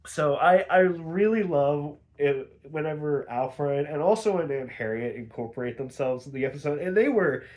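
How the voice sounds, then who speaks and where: A young man talks through a TV episode in a loose, chatty way. His voice sits a little high, and he laughs often and fills pauses with "uh" and "like.". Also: a little mellow. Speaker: episode reviewer. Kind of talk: casual episode recap.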